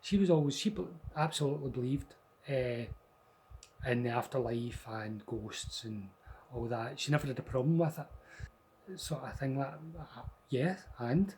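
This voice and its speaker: A man's voice: medium pitch, moderate pace, a little mellow, slight background noise, poor audio. Scottish man telling a ghost story. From Scotland. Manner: rambling, conversational, with restarts. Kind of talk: casual spoken ghost story.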